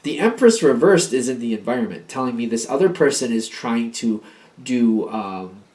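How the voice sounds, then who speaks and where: A man's voice: medium pitch, sing-song, normal speed, a little mellow. A man giving a casual tarot reading in a rambling, repetitive, emphatic way. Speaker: tarot card reader.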